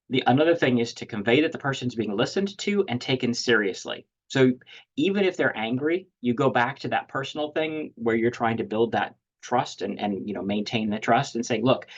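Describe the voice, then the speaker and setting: A man presenting a webinar lecture on negotiation, talking loosely with many fillers and restarts. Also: on the low side. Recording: dull lo-fi audio.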